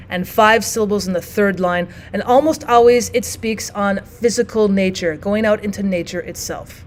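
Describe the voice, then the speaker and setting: Female teacher, fairly high pitch, patient classroom explainer who slows down to read poems. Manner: explains step by step, reads poems aloud slowly. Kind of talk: classroom lesson.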